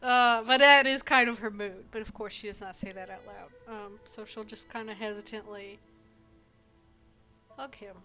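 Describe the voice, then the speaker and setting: A woman playing a tabletop game, chatting in a giggly, animated way. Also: medium pitch, moderate pace. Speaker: player. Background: faint music.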